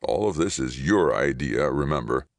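A man's voice: rumbling low, animated, moderate pace, no room sound. A man voicing a snappish male bureaucrat who talks tightly and snarls.

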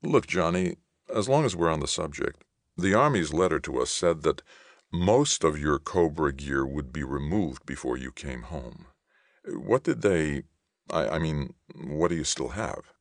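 A man voicing a kind, nervous middle-aged father who talks softly and hesitantly. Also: a bass voice, expressive, a little slow, creaky, no room sound, clean studio sound, heavily acted. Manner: soft, hesitant.

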